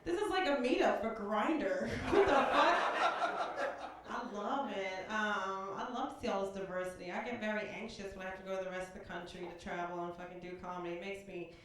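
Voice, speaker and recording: A woman doing a brash, loud, profane stand-up set on a comedy club stage. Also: medium pitch, fast talker, hardly any pauses. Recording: distant echoey club recording with loud hiss.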